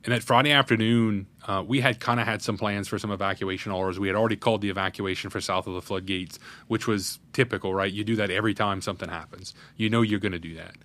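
A man's voice: lowish voice, fairly even intonation, quick pace, few pauses, a bit bright. A man, a parish president telling a candid, earnest story in an interview. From Louisiana, USA. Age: 30s. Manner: earnest, candid, recounting a crisis in detail. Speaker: parish president, podcast guest.

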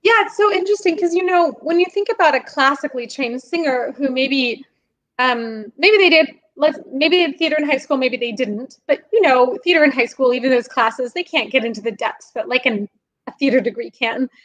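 A woman guest on a podcast interview, explaining her craft in an animated, chatty way and laughing now and then. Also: high-pitched, fairly quick, dull audio. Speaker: podcast guest, singer and composer. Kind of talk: conversational interview.

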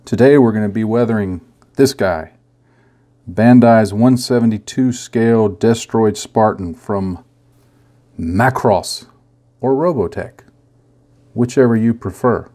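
A middle-aged man hosting a scale modeling how-to in a casual, easygoing way, chuckling at himself and pausing with fillers. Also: on the low side, mellow. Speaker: scale modeling tutorial host.

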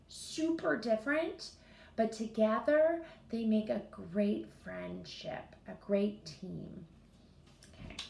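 A woman volunteer reading a picture book aloud to children, gentle and encouraging, asking them questions. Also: medium pitch, vocal fry, far from the mic. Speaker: volunteer storytime reader. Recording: roomy echo, faint noise.

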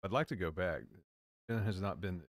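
A man co-hosting a casual chat, rambling and halting with many fillers. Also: deep voice, no room sound, studio quality. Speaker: co-host.

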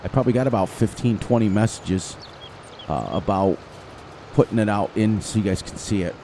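Man, upstate New York accent, mellow dark tone, casual game commentary, faint outdoor noise behind. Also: lowish voice. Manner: chatty, quick to laugh, sings snatches of songs. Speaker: gaming channel host.

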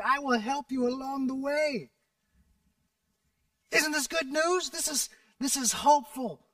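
A man preaching a sermon as pastor, animated and dramatic, rising to shouts and dropping to near whispers as he retells a story. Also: very high-pitched, dry recording, distant mic. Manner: animated, acts out scripture voices, drops to a near whisper at times.

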